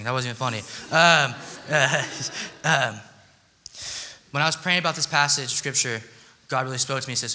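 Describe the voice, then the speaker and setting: A young man delivers a sermon in a relaxed, chatty way, joking about himself and dropping slang between scripture passages. His voice is strikingly bright and cutting. It rings out with a long reverb tail, as in a large hall. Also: mid-range voice. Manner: conversational, joking, self-deprecating, with slang. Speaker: pastor. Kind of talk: casual sermon.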